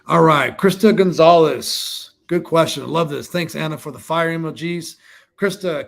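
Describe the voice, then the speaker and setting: A man's voice: fairly high pitch, vocal fry. A man co-hosting a livestream, coaching viewers casually on sales calls and answering their questions in a conversational way. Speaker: co-host of a real estate sales livestream.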